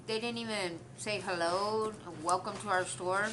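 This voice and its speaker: A woman's voice: mid-range voice, fairly even intonation, a little slow, fairly bright tone, a little hiss or hum. A young woman vlogger casually telling viewers a story and acting out the other people's lines as she eats. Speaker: mukbang vlogger.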